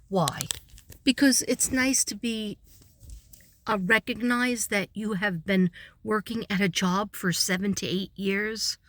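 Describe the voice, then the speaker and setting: A chatty, tired woman rambling through a story about her workday. Her voice is bright and a little forceful, recorded close and dry with no room sound. She laughs often and slips into higher voices when quoting people. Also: dry recording. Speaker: substitute teacher vlogger. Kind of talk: casual storytelling vlog.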